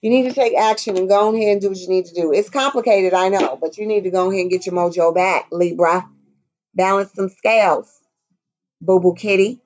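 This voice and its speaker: A woman's voice: mid-range voice, a little fast, a little mellow, highs cut off. A woman giving a casual, blunt tarot reading, chatty and profane, talking straight to her viewers. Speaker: tarot reader.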